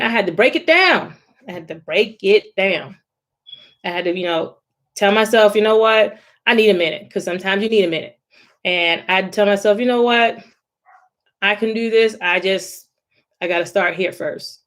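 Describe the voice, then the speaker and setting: A woman speaking casually and encouragingly about stress management, with lots of conversational fillers. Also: mid-range voice. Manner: encouraging, conversational, many "you know" fillers. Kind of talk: informal self-help talk.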